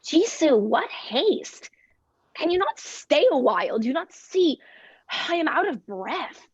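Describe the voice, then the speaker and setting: A woman's voice: high-pitched, sing-song, slow pace, dry recording, muffled recording, heavily acted. A woman reading the part of a weary, teasing old nurse in a table read of a play, complaining with groans and whispered asides.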